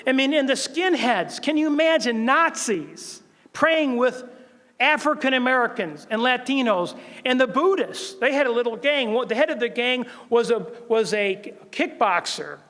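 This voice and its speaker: Older male speaker with a very high, light voice. Animated storyteller at a prayer breakfast. Recorded on a stage mic in a big hall. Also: moderate pace. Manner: lively storyteller, acts out quoted voices and laughs often. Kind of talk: storytelling testimony speech. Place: large event hall. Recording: long hall reverb.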